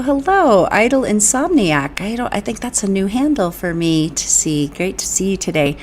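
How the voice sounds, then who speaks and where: A woman vocal coach reacting live to a performance, reading viewers' comments aloud and breaking into gushing exclamations of awe. Her voice sits fairly low for a woman. A faint hiss runs under the recording. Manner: enthusiastic, breathy exclamations of awe.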